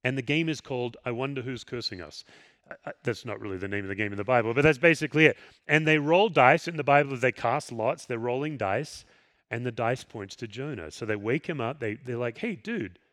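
Man preaching a lively conversational sermon. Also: mid-range voice, a little fast, no room sound, clean studio sound. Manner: conversational, animated storytelling with acted quotes. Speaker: pastor.

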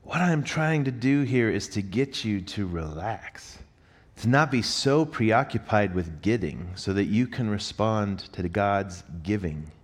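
A man's voice: fairly low pitch, lively intonation, a little slow. Self-mocking male preacher in a reverberant hall. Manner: self-deprecating, rambling storyteller. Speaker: church staff member. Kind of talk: sermon with a personal story. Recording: long reverb of a large hall.

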